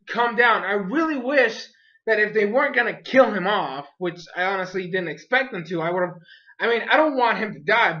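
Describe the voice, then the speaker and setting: An anime reviewer talking casually through an episode, chatty and full of "like", retelling scenes with animated energy. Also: medium pitch. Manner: chatty, peppered with "like". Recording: dull lo-fi recording.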